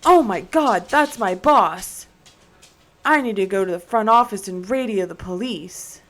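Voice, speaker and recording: A young woman streams a horror game, chatting casually into her desk mic in a mid-range, expressive voice at an unhurried pace. She's nervous and keeps slipping into frightened whispers as she talks to her live stream.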